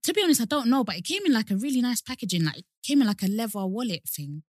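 A woman's voice: fairly high pitch, expressive, rapid-fire, dry recording. A young woman, co-hosting a casual chat and talking easily, laughing often. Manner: chatty, laughs easily, spells out names. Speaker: podcast co-host.

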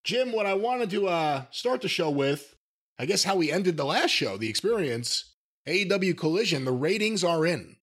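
A man's voice: sits high, sing-song, normal speed, fairly bright tone. Dry, teasing podcast co-host man. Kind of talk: casual chat, reading ratings.

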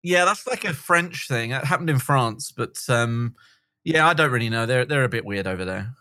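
A middle-aged man chats in a loose, unhurried way, dotting his speech with fillers. His voice sits at an average pitch. The sound is close and dry. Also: no room sound. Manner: relaxed, many fillers. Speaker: guest. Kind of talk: casual podcast interview.

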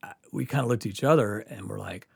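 A man's voice: lowish voice, fast talker, gravelly, breathy edge, no room sound. A man hosting a podcast, telling a story casually with lots of laughter and acted-out quotes. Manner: animated, laughing often, acts out quotes. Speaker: podcast host.

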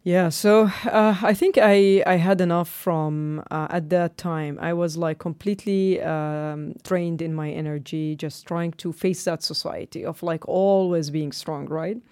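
A woman's voice: on the low side, measured pace, hardly any pauses, dry recording, studio quality. A woman from Jordan in her thirties, telling personal stories in an interview and acting out the dialogue in them. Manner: animated, acts out dialogue, frequent laughs. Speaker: martial arts studio founder.

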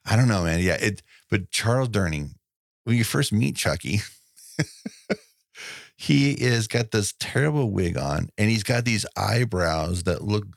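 Low gravelly man chatting about movies. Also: expressive, measured pace, no room sound, clean studio sound. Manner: rambling, laughs often, restarts sentences. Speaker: podcast co-host. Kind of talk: casual movie podcast chat.

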